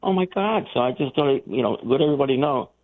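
A man calling in to a radio show, telling a story in a rambling, animated way with many restarts. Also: mid-range voice, fast. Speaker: caller. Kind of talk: call-in storytelling. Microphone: telephone. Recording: tinny phone line.

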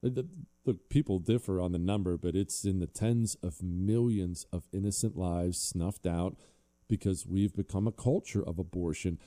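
A male political talk host speaks in a low, very dark voice. His delivery is forceful and indignant. He moves between opinion and an ad read. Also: steady tone, moderate pace.

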